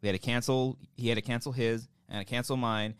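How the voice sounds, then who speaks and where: A man co-hosting a podcast, telling an animated story and acting out the voices in it. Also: mid-range voice, fast talker, clear, resonant tone, no room sound, clean studio sound. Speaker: podcast co-host. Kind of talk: casual chat.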